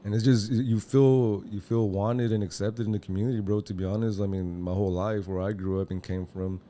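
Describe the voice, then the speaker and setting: A quiet, soft-spoken man, a barber chatting hesitantly as a guest in a podcast studio. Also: on the low side, steady tone, a little fast. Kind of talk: casual interview chat.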